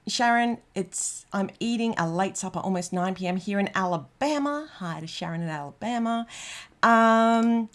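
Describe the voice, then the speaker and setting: An Australian woman hosting a casual livestream, chatting and rambling with lots of ums and restarts. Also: mid-range voice. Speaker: livestream host. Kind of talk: casual livestream chat reading out comments.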